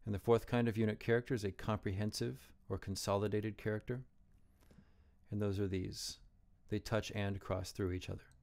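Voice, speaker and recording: A man teaching Chinese characters, explaining strokes and tones slowly and carefully. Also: on the low side, flat delivery, creaky, darkish tone. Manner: slow, careful modeling of pronunciation.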